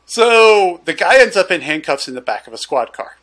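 A man's voice: high voice, moderate pace. A man, a gun dealer, telling a story in casual chat and acting out the dialogue. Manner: animated, loose storyteller who acts out the dialogue.

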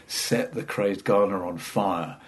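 A man's voice: low-pitched, a little slow. A British man in his late thirties, a comedian chatting casually on a podcast, rambling and jokey and swearing freely. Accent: British English. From Britain. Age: 30s. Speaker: comedian guest.

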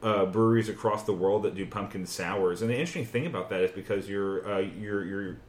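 Rambling, geeky low-voiced man in an echoey room. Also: fairly quick. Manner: rambling, many "uh" fillers, enthusiastic and geeky. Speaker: podcast co-host, beer expert. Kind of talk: casual chat.

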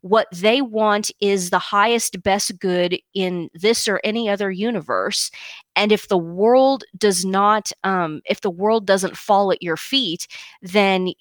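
A woman co-hosting a podcast, talking in firm, emphatic statements that drop in pitch at the end. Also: slow pace, no echo. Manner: emphatic, declarative, downward-inflected statements. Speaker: podcast co-host. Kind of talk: opinionated podcast commentary.

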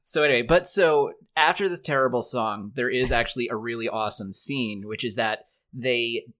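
Male podcast co-host, bright tone, animated and profane, casual banter. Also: medium pitch, moderate pace. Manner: animated, joking, swears freely. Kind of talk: casual film discussion chat.

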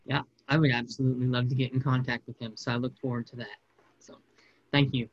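A man's voice: mid-range voice, level tone, fast talker, lo-fi sound. A man hosting a podcast, asking casual interview questions in a friendly, upbeat way. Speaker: podcast host.

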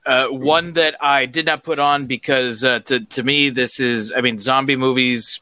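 Bright-voiced man, hesitant and halting. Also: mid-range voice, fairly even intonation, no room sound. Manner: hesitant, full of ums and uhs. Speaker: podcast co-host. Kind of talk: casual movie chat.

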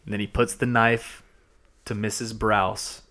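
A man's voice: lowish voice, flat delivery, measured pace, pushed and bright. A young man from Georgia with a South Georgia accent, co-hosting a podcast and eagerly recapping scenes in casual chat. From Georgia, USA. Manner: enthusiastic, recaps scenes with quotes. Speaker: podcast co-host.

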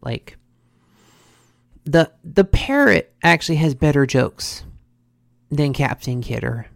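A speaker casually recapping an episode in an animated, rambling way, correcting themselves as they go. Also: medium pitch, slow pace, creaky, dry recording, studio quality. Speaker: show recapper.

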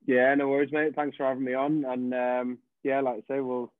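A man's voice: mid-range voice, flat delivery, moderate pace, phone-quality sound. A man being interviewed, easygoing, thinking aloud as he guesses and laughing along. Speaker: guest footballer. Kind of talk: casual interview chat.

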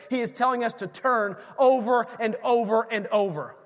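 A male pastor preaching a lively sermon to his congregation, calling out to the church for responses. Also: very high-pitched, moderate pace, hardly any pauses, long reverb tail. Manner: energetic, call-and-response preaching. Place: church sanctuary.

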